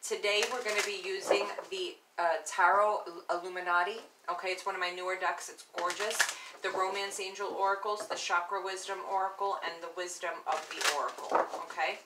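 A woman's voice: mid-range voice, flat delivery, fairly quick. A woman reading tarot to camera in a casual, chatty way, with many fillers, and murmuring repeated invocations. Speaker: tarot reader. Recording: echoey room with loud background noise.

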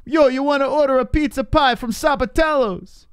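Man doing a bold, high-pitched pizzeria owner, boastful and hammy, recorded dry and close. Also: normal speed, no echo. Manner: exaggerated, sing-song, hammy.

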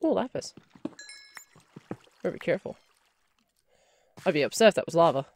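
A woman's voice: lowish voice, animated, normal speed. A woman giving chatty let's play commentary, talking to in-game items and shrieking when startled. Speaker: gamer.

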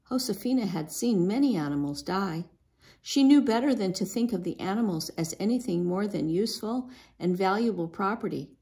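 A woman reading a children's book aloud in a gentle, expressive way. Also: medium pitch. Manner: gentle, expressive, lifts her voice for a young girl's lines. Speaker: storybook reader.

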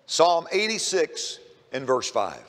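A man's voice: a little high, huge pitch swings, slow, a bit bright, in a large hall. A man preaching a sermon in church, emphatic and often repeating his first words as he starts a sentence. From Kentucky. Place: church sanctuary.

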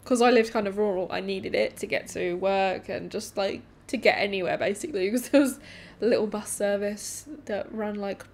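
A woman with a mid-range voice co-hosts a relaxed podcast. She speaks candidly, laughs often, and lets her sentences trail off softly. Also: mid-range voice, moderate pace, slight background noise. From England. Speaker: podcast co-host. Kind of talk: casual chat.

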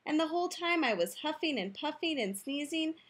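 A woman's voice: sits high, lively intonation, fairly quick. A woman playfully reading a picture book aloud, telling the story in first person as the wolf, in a youth room.

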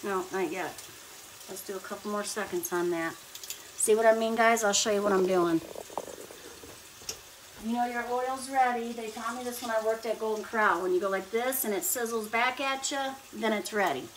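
A somewhat high-voiced woman chats her way through a casual cooking livestream at home. She talks straight to her viewers as she works in her kitchen. The recording is noisy, with clicks behind her. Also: moderate pace, distant mic.

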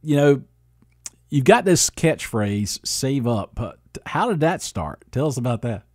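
A man hosting a TV interview, speaking haltingly with many fillers. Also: mid-range voice, big pitch swings, a little mellow, no echo, clean studio sound. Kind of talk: broadcast interview.

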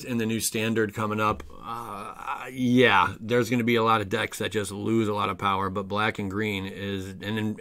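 A man hosting a card game channel, excitedly reviewing new card spoilers in a casual way, reading card text aloud and tripping over his words. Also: lowish voice.

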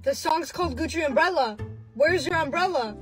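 A teenage girl with a high, very lively voice trades sassy, mocking jabs with her sibling. Music plays clearly underneath. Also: brisk. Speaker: younger sister. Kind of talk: casual banter.

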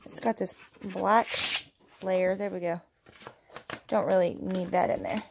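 A woman's voice: medium pitch, fairly even intonation, unhurried, creaky, a little mellow, slight background noise. A young woman chatting casually in a family vlog, upbeat and sing-song when she talks to her kids. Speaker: family vlogger and mother.

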